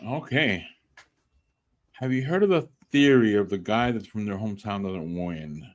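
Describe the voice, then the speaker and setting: A man's voice: on the low side, animated, normal speed. A man co-hosting a casual wrestling predictions podcast, dryly moderating the picks and pushing back on teasing. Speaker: podcast co-host running the picks.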